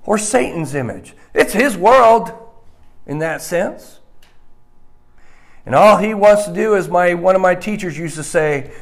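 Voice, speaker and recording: Male pastor mid-sermon, measured and unhurried, emphatic with dramatic drops to a hush. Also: expressive, gravelly. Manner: emphatic, swings between loud stresses and hushed low lines.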